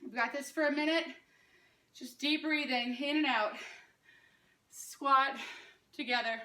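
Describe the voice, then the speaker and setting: A woman's voice: high voice, steady tone, a little slow, sharp tone, roomy sound, recorded from a distance. A woman in her thirties coaching a home workout, upbeat and encouraging, out of breath. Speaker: fitness instructor. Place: room at home.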